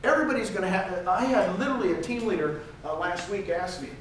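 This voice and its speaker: This older man talks fast in a high, somewhat bright voice while giving an emphatic motivational speech to a live audience, using repetition for effect. Slight background noise and an echoey hall come through, as the mic sits at a distance in a large conference room.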